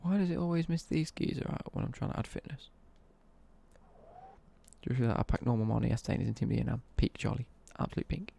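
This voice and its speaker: A man's voice: mid-range voice, lively intonation, fast, vocal fry, mellow, slightly rough. A man live-streaming a football game and chatting cheekily with viewers, reading their messages out and joking back. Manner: cheeky, jokey banter, reads out chat messages.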